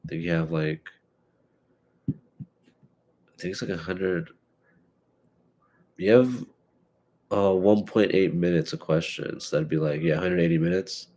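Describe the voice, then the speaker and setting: A man's voice: low-pitched, steady tone, measured pace, pauses often, warm tone, a little hiss or hum. A young man hosting his own podcast, sounding stuffy from allergies, rambling in casual chat with lots of swearing and fillers. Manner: rambling and profane, with many fillers and restarts. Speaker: podcast host.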